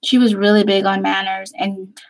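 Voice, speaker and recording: A woman's voice: mid-range voice, level tone, normal speed, rough recording. A Texan woman from Texas, a craft vlogger chatting casually to her viewers in a rambling way and laughing often.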